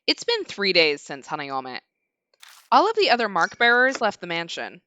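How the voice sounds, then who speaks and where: A weary, frightened young lord narrates his ordeal, read aloud by a woman streamer. Her voice is bright and animated, swinging up and down. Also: fairly low pitch, moderate pace, no echo, muffled recording, heavily acted. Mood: uneasy. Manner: reading game narration aloud. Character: haunted young male lord, anxious and weary.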